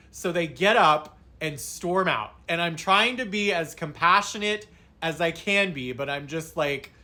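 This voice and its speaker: Animated man telling a story. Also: on the high side, measured pace. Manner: animated, expressive retelling. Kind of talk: casual storytime vlog.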